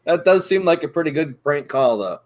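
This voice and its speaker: A man with a slightly high voice co-hosting a relaxed podcast. He teases his friend, laughs easily and keeps the conversation moving. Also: a little fast, a crowd in the background. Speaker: podcast co-host. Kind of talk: casual chat.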